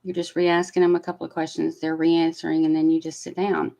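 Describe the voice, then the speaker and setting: A woman's voice: deep voice, a little fast, creaky, rough recording. Blunt, cussing woman commentator. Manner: blunt, swearing, animated and opinionated. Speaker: commentary host. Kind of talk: casual live trial commentary.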